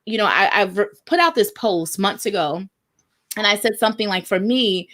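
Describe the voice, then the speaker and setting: A woman hosting a live online show, chatting warmly and affirming her guest. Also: medium pitch, brisk. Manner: affirming, chatty, reads viewer comments. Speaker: host.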